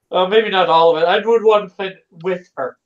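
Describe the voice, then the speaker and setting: A man's voice: high-pitched, phone-quality sound. A man chatting casually on a live stream, hesitant with many "uh"s and laughing now and then.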